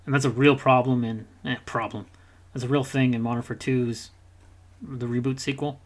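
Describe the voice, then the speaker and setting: A man talking loosely on a gaming podcast, his voice sitting in an ordinary middle pitch. He rambles, swears freely, and slips into brief mocking impressions of characters. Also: steady tone. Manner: rambling, profane, mimics characters in quick asides. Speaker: podcast co-host. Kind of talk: casual gaming podcast chat.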